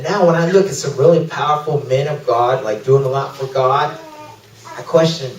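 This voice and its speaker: A man telling a mission story at a church fellowship in an animated way, laughing through the emotional parts. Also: mid-range voice, moderate pace, recorded from a distance, a little hiss or hum. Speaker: missionary speaker. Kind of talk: testimony talk at a fellowship. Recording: echoey room, speaker away from mic.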